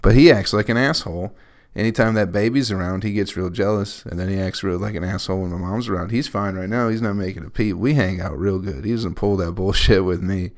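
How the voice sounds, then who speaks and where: A man's voice: low voice, a little fast. A young man, a comedian, talking through a casual, profane, scattered podcast monologue with a wry edge.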